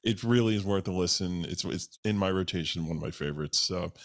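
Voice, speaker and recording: Low-voiced enthusiastic male podcast host. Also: a little fast. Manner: enthusiastic, informal. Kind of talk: casual interview chat.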